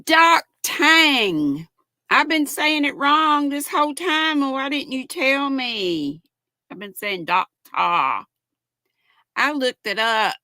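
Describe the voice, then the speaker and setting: A woman's voice: high-pitched, takes it slowly, bright, forceful tone, no echo. An older woman, hosting a casual live-stream chat and reading viewer comments aloud in a chatty, affectionate way. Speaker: host.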